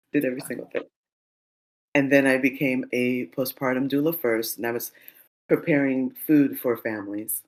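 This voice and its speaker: Low-voiced woman telling a lively story. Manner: lively storyteller who acts out the dialogue and laughs. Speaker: doula and guest. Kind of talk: casual storytelling interview.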